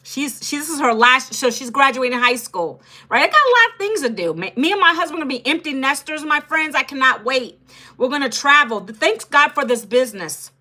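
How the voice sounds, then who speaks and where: A woman's voice: high-pitched, big pitch swings, brisk, sharp tone. A woman in her fifties from Northern Virginia, chatting casually on a livestream and talking straight to her viewers. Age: 50s. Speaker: livestream host.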